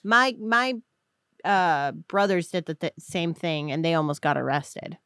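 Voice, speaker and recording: A woman co-hosting a podcast, chatting casually with quick reactive interjections. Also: sits low, a bit bright, smooth, no room sound. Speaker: podcast co-host. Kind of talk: casual chat.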